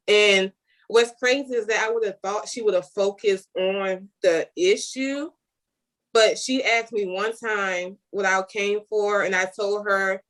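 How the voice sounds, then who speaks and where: A woman, a single mother, telling her personal story openly and with feeling in a conversation. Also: mid-range voice. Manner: candid, emotional storytelling.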